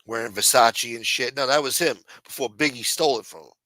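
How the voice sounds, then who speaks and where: A man's voice: medium pitch, fairly quick, pushed and bright, no room sound, rough recording. A man hosting a late-night talk show, ranting bluntly with lots of profanity. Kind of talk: casual talk-show rant.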